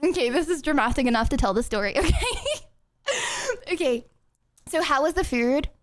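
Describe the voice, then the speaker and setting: A woman's voice: sits high, expressive, a little fast, no echo. A young woman streaming in casual chat, rambling and chatty with lots of filler words.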